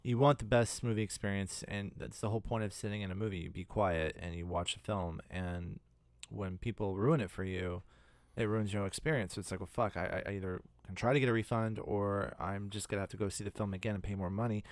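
A man's voice: on the low side, fairly even intonation, brisk, no echo, clean studio sound. A man co-hosting a casual movie podcast, laid-back and profane, steering the talk back on topic. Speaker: podcast co-host.

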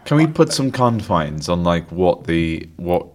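Deadpan male podcast co-host, low voice, dry teasing. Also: measured pace. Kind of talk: casual comedy podcast banter.

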